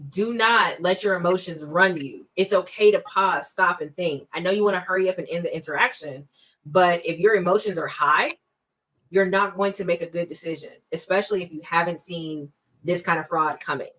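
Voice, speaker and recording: Low-voiced woman giving emphatic advice. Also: fairly bright tone, rough recording. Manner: emphatic, acts out scam calls in quick bursts. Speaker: fraud prevention guest expert. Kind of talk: conversational podcast advice.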